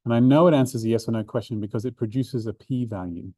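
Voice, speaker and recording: A maths learning centre coordinator talks fast in a warm, medium-pitched voice with no echo. In a room, drawing notes for an overhead camera, he walks through a revision seminar step by step, with fillers and restarts.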